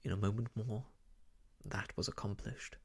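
A man reading an old novel aloud as soft ASMR narration, hushed and half-whispered, close to the microphone. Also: fairly low pitch, fairly even intonation, normal speed, husky. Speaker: storyteller.

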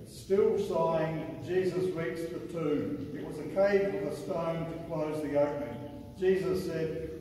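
A man reading the narrator's part of a gospel passage in church, in a steady, even way. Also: fairly high pitch, unhurried, a little hiss or hum. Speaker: lay reader. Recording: echoey church from far off.

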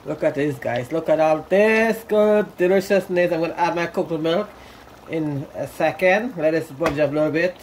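A man with a high voice for a man talks to his viewers in a relaxed, chatty way while he cooks. He sounds set back from the mic in a roomy home kitchen, with faint frying sizzle behind him. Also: normal speed, recorded from a distance, slight background noise. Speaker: cooking vlogger. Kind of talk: casual cooking demonstration.

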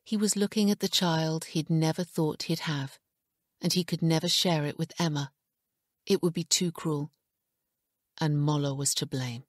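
A woman reads an audiobook in a hushed, measured manner, her pace unhurried and her voice low. The tone is soft and breathy, recorded dry and close in a booth with no room sound. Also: steady tone, dry recording. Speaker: audiobook narrator. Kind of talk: scripted narration.

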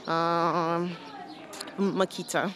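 A woman's voice: fairly low pitch, little pitch movement, very slow. Chatty young woman vlogging by phone. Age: young adult. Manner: chatty, self-mocking. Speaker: student reporter. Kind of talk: casual phone vlog. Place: busy church interior. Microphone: phone held while walking. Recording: phone audio in a crowd. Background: crowd of visitors.

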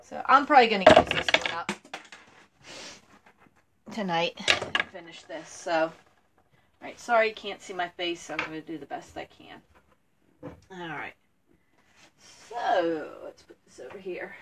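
A woman's voice: lowish voice, animated, unhurried, pauses often, noisy background. A woman chatting casually through a furniture painting how-to, with lots of ums. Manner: chatty, lots of ums, talks to her dog. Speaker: furniture makeover vlogger.

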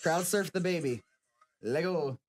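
A man with a faint Southern accent chatting on live radio, excitable, laughing and swearing as he gives things away. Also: on the high side, measured pace. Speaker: band member guest. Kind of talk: casual live radio chat.

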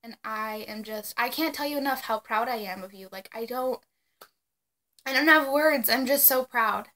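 A woman's voice: fairly high pitch, moderate pace, pushed and bright. A young woman in her late teens talking to the camera in a casual vlog, gushing and blunt, with some mild swearing. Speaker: vlogger. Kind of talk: casual emotional address to camera.

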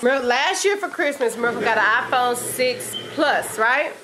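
A woman's voice: fairly high pitch, expressive, moderate pace, noisy background. A woman with a Texan accent, chatting at home in a playful, teasing vlog style and laughing often. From Texas. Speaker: vlogger. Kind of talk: casual family chat.

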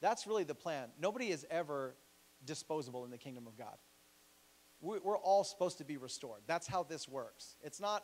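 A man who pastors a church, preaching a sermon with animated stories and emphatic appeals. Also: a little high, normal speed, poor audio. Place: church sanctuary.

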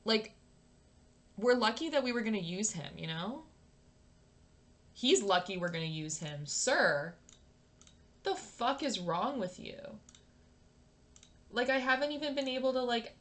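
A woman's voice: on the high side, expressive, a little slow, pauses often, fairly bright tone. Swearing, ranting young woman gamer. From Canada. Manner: swears a lot, rants at the game in exasperation. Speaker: gaming YouTuber. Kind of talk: casual gameplay commentary.

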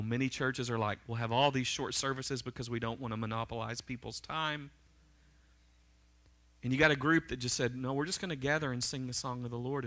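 Male pastor preaching hard in church, bright forceful voice, keeps asking the room "right?". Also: mid-range voice. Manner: fervent, emphatic preaching with frequent "right?" and "amen?" to the congregation. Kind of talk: sermon. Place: church sanctuary.

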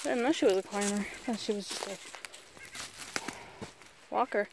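A vlogger from the American South strolls rural woods with her dog, talking casually and using baby talk to coax it. Her mid-range voice keeps a moderate pace against a noisy background.

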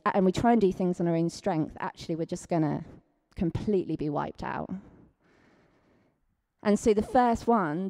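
A woman with a Scottish accent and some vocal fry preaches a chatty, lively sermon, acting out quotes with big leaps in pitch.

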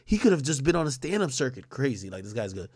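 Male host, casual reaction talk; mid pitch, animated, dry. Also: fast talker, heavy background noise. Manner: blunt, profane, chuckling asides. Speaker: streamer host.

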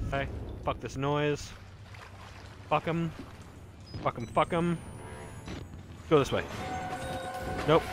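Background noise surrounds a man whose voice sits on the high side, speaking slowly with frequent pauses. He's streaming horror gameplay while tipsy and breathless, jumping at scares with yelps and swearing, and cracking jokes between frights.

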